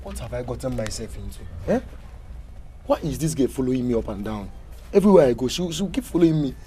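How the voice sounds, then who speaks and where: A man's voice: medium pitch, very animated, quick pace, mellow, a little hiss or hum, close to an everyday voice. An actor with a Nigerian accent playing a nervous young man who stammers and panics. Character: nervous young man dodging his pregnant girlfriend. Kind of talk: film drama.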